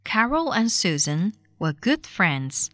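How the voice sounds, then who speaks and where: Female test narrator; clear, measured reading with an expressive pitch and a dry studio sound. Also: no room sound. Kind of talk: scripted reading for a language test.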